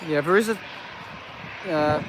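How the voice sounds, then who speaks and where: A man's voice: fairly high pitch, unhurried, noisy background. A man chatting loosely on a live stream from an airport viewing park, rambling, laughing and reading out his chat. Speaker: planespotting livestreamer. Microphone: handheld tablet.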